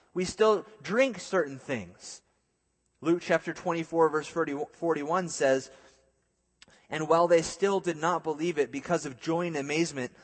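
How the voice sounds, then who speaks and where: Pastor, male, a touch high-pitched, relaxed and joking as he preaches, big echoing hall. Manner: conversational preaching with jokey asides. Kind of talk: sermon.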